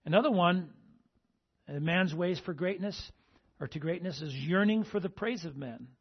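A man's voice: high voice, moderate pace, husky, dull audio. A male pastor preaching a sermon and asking the congregation "amen?" between points. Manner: call-and-response, repeating "amen?" to the congregation.

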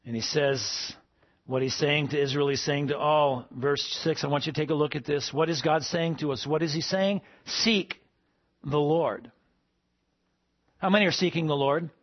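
Emphatic male preacher, slightly high voice. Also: steady tone, normal speed, no room sound, lo-fi sound. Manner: preachy, rising to emphatic peaks then dropping soft. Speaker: pastor. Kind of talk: sermon.

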